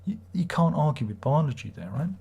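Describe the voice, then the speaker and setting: Husky, mellow man rambling. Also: a little high, sing-song, fairly quick. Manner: rambling, sweary, reads viewer comments aloud. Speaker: livestream host. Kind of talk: casual livestream chat.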